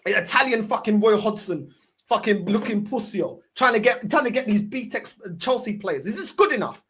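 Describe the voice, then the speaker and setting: A woman's voice: medium pitch, expressive, moderate pace, fairly bright tone, breathy edge. A woman, ranting angrily and scornfully as a football fan streamer. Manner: angry, sweary, scornful ranting.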